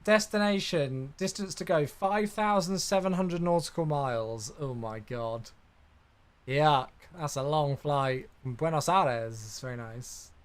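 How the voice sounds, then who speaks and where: Young guy chatting away on a flight sim stream, voice sits a bit high, talks back to chat. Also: a little slow, clean tone. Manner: chatty, reacts aloud and answers viewers. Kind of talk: casual live-stream chat.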